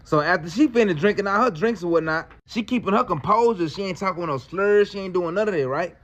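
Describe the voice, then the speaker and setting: A man telling a story in casual slang, animated and acting out the people in it. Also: high voice, fast. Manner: animated, slangy, acts out quotes.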